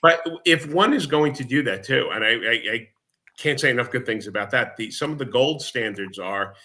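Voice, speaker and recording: A man's voice: mid-range voice, lively intonation, moderate pace, pushed and bright. A man with an American accent, co-hosting a morning talk show, speaking in earnest, enthusiastic casual chat.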